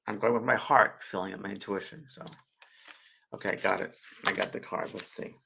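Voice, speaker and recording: On his casual live stream, a middle-aged spiritual medium talks to viewers at a desk mic, chatty and given to emotional, teary moments. His voice sits on the low side, creaky and sharp, with fairly even intonation at a normal pace. The audio is poor, with slight background noise.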